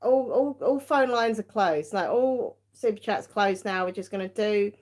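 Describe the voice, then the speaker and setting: Tired, giggly woman streamer, mid-pitched, loose casual chat. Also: unhurried, a little mellow. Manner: chatty, giggly, self-mocking. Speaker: tarot-reading livestream host.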